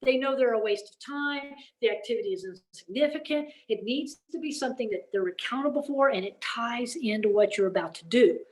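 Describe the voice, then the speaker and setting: A woman's voice: on the high side, brisk, hardly any pauses. Folksy woman presenter in an echoey room. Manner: folksy, emphatic, peppered with "okay?". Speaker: teacher workshop presenter. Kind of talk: energetic classroom-management talk.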